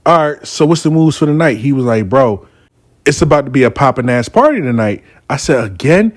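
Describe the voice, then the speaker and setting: A man's voice: mid-range voice, expressive, brisk, no echo, clean studio sound. A man telling a casual story, acting out both sides of a dialogue. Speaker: storyteller host.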